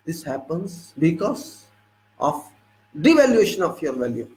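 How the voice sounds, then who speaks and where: Emphatic Indian engineer lecturing. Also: male voice, a little high, sing-song, measured pace, darkish tone, low-quality recording. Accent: Indian English. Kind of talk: lecture-style monologue.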